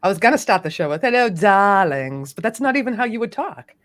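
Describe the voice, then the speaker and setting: A woman hosting a casual live-stream chat, talkative, playful and quick to tease herself. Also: a little high, expressive. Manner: chatty, playful and self-teasing. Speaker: host.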